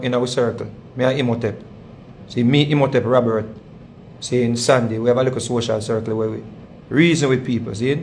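A man with a Jamaican accent talks through a long story in a loose, rambling way, circling back and repeating himself. His voice sits at an ordinary middle pitch, with a faint hum of background noise behind him. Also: a little mellow. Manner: rambling, repetitive, heavy patois phrasing. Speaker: channel host. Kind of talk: casual storytelling monologue.

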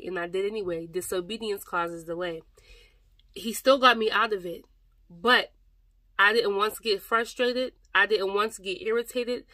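A woman's voice: medium pitch, sharp tone, no room sound. Woman giving a heartfelt faith talk. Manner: preachy, exhorting, repeats phrases, addresses viewers as y'all. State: close to tears at times. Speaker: faith vlogger. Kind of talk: personal devotional talk to camera.

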